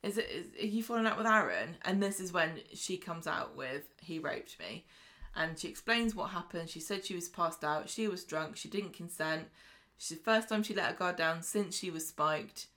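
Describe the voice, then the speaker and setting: A British woman co-hosting a podcast, briskly retelling soap episodes and acting out the characters' lines in casual chat. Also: on the low side, bright, forceful tone. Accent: British English. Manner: brisk storytelling recap, acting out quotes. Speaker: podcast co-host.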